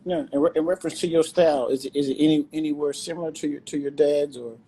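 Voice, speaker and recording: A male interviewer asking questions haltingly, repeating words as he starts. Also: a little high, steady tone, dark tone, a little hiss or hum, poor audio.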